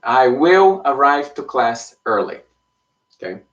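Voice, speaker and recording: A man's voice: mid-range voice, very animated, slow, a bit bright, highs cut off. A man teaching an online Spanish lesson in English, explaining patiently and checking in with frequent "okay?". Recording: voice somewhat far from the mic.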